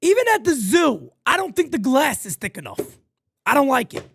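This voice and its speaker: Calling a baseball game live for fans, this male streamer has an extremely high voice that's creaky and slightly rough, at normal speed. He's animated and loose, wandering between tangents and cursing offhandedly, captured in clean, dry studio audio.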